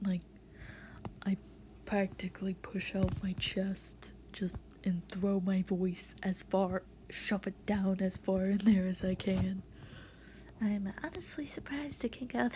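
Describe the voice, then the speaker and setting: A woman voice artist giving tips in a casual voiceover, with a soft, half-whispered, hesitant delivery. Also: medium pitch, a little hiss or hum. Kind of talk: casual voiceover over a speedpaint.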